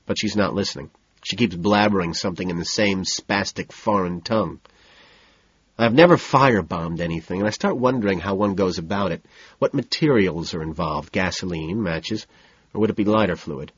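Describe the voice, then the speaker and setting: A man narrating a novel in the first person, in a cool, measured, deadpan manner. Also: low voice, slightly rough, no room sound, dull audio. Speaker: audiobook narrator.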